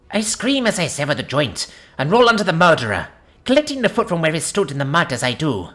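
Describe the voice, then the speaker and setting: A woman reading a first-person science-fiction story aloud in an expressive, dramatic narration. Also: mid-range voice.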